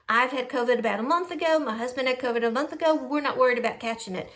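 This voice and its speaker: A middle-aged woman tells home stories in a casual vlog, her voice sitting high. She jumps into lively quoted voices as she goes, animated and chatty. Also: fast, hardly any pauses. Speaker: host. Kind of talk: casual storytelling.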